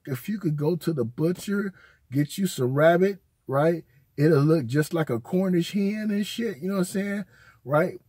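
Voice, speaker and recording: Man, casual storyteller, profane, slangy, husky voice, dry sound. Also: medium pitch, no room sound. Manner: profane, rambling, heavy slang. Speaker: channel host.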